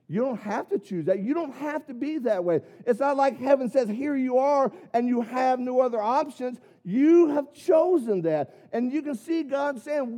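A man's voice: extremely high pitch, expressive, normal speed, hardly any pauses, dark tone. A man preaching a sermon, earnest, with many rhetorical questions and punched key words. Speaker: pastor.

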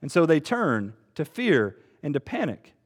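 Animated young man preaching. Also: fairly high pitch, a little slow, slightly rough. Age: 20s. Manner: expressive, earnest, building to emphatic peaks. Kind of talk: sermon.

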